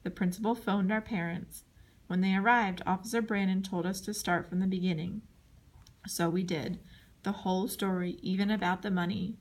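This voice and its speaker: Reading a chapter book aloud at a moderate pace, a female audiobook narrator follows her script closely. She animates each character's speech and springs up high on the shouts.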